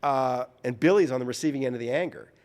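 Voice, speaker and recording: A man's voice: mid-range voice, fast, in a large hall. A man from New Orleans, an author, telling anecdotes as an interview guest, often restarting and correcting himself mid-sentence. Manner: animated, self-correcting storyteller. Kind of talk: anecdotal storytelling in conversation.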